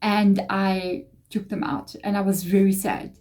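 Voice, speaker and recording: Casual woman tarot reader, mellow, rambling and confiding. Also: medium pitch, little pitch movement, measured pace. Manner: rambling, confiding, emotional asides. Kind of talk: casual tarot reading monologue.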